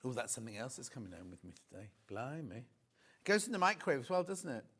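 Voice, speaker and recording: A man's voice: mid-range voice, quick pace, husky. A man, presenting live on a TV shopping channel in a chatty, storytelling way. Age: 60s. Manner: chatty, anecdotal, animated storyteller. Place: TV studio.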